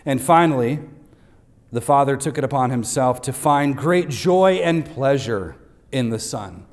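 A male pastor preaches in a church, mid-pitched and ordinary in tone. He hammers home each point by repeating it slowly for the note takers, with a dry joke now and then. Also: animated, a little mellow. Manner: light humor aimed at the congregation. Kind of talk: Father's Day sermon. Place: church sanctuary.

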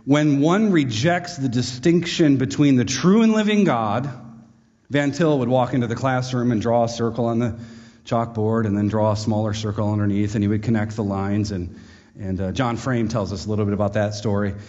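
A man's voice: mid-range voice, moderate pace, a little mellow. A male preacher addresses a live audience, his talk conversational and laced with wry, joking asides. The sound is muffled and lo-fi, and a long reverb trails off through the large hall. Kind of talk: sermon-style teaching to a live audience. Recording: echoey hall, dull lo-fi sound.

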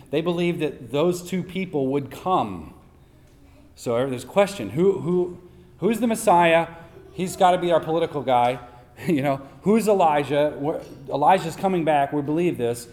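A man's voice: mid-range voice, a little mellow. A man preaching a sermon as pastor, emphatic and full of rhetorical questions. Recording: long hall reverb.

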